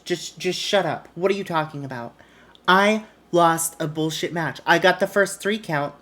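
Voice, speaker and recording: A woman's voice: fairly low pitch, normal speed, a bit bright, close to an everyday voice. Woman doing a bitter defiant veteran wrestler.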